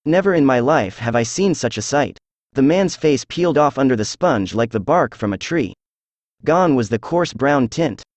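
A synthesized male voice reading a classic detective story aloud, even and measured, with little change between characters. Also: medium pitch, no room sound. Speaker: audiobook narrator. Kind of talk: scripted narration.

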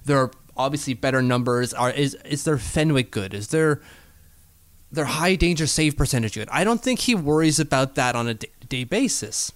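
Man, podcast co-host, lively swinging pitch, rambling and chatty, dry close mic. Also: normal speed, no room sound. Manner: chatty, rambling, self-correcting. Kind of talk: casual sports podcast chat.

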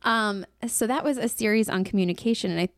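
Young woman, playful podcast co-host, mid-pitch, laughs easily, dry close recording. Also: fast, no room sound. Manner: giggly, playful banter. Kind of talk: casual chat.

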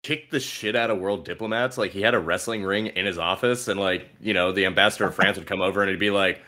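A young man with a very low yet bright, forceful voice, chatting on a podcast. He jokes crudely, swears freely and slips into rants. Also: steady tone, fast talker. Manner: crude, joking, ranting, puts on silly voices in quotes. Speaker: podcast co-host. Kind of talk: casual chat.

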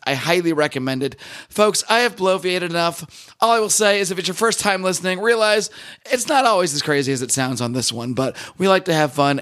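A man hosting a podcast, hoarse and a little rough-voiced, talking in a chatty, enthusiastic way with plenty of fillers. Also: on the high side, a bit bright. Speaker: podcast host. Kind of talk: casual podcast intro.

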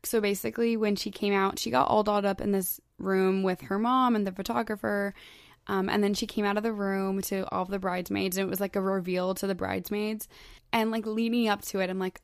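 A woman's voice: medium pitch, steady tone, fairly quick, vocal fry, dry recording, studio quality. A young woman in her twenties hosting a solo podcast, chatting casually and gushing, with "like" in nearly every phrase. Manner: chatty, heavy use of "like", gushing. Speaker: podcast host.

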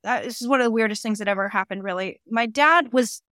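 Guest medium, female, higher-pitched, dry recording; vivid anecdotal teller who swears casually. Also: fast, no echo. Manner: lively anecdotes, acts out quoted voices, swears casually. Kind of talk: casual storytelling.

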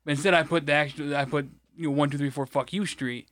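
A man's voice: on the high side, steady tone, fast, a bit bright, no room sound. A man from Michigan, co-hosting a podcast, rambling through an exasperated, profane story in casual chat. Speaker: podcast co-host.

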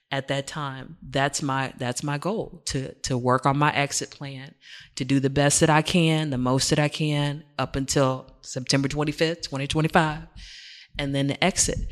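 A middle-aged woman, a teacher and guest on a podcast, speaking firmly and repeating phrases for emphasis. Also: rumbling low. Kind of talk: casual podcast chat.

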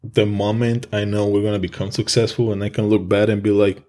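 A man's voice: fairly low pitch, flat delivery, fairly quick, darkish tone. Earnest, rambling male podcast co-host. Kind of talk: casual podcast chat.

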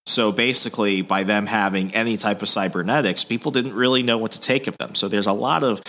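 Bright-voiced man casually recapping comics. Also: on the low side, fairly quick. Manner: casual, loose, swears, many fillers. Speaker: podcast host.

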